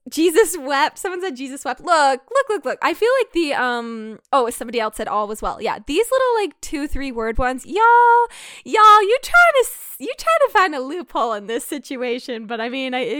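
Young woman, podcast host, bubbly, giggly, casual chat, smooth clear voice, dry close recording. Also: fairly high pitch, no echo. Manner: bubbly, giggly, quick asides. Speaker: podcast host and shop owner. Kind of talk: casual chat, reading listener answers.

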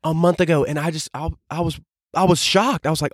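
Young male podcast host in his 20s, quick and rambly, dry close sound, casual reflective monologue. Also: on the high side, fairly even intonation, no room sound. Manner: casual, rambling, many filler "like"s.

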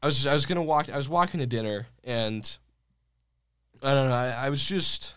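A man's voice: mid-range voice, moderate pace, a bit bright, smooth, no room sound. A young man co-hosting a podcast, telling stories in an easygoing, affirming way. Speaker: podcast co-host. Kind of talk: casual chat.

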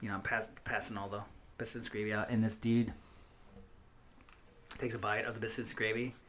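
A man's voice: fairly low pitch, little pitch movement, brisk, a bit bright, slight background noise. A young man casually telling a long story on a podcast, rambling and cursing, with lots of fillers and restarts.

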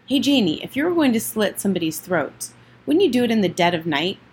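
A woman's voice: mid-range voice, very animated, fairly quick, darkish tone, slight background noise, voice pushed up, close to an everyday voice. A woman reading the lines of a curious young girl who wants to be a spy, eager and inquisitive.

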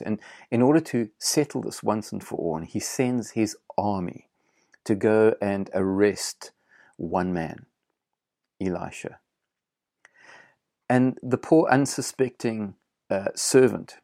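A man preaching a sermon, earnest and emphatic, repeating phrases with pauses and fillers. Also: fairly low pitch, gravelly, mellow, no echo, clean studio sound.

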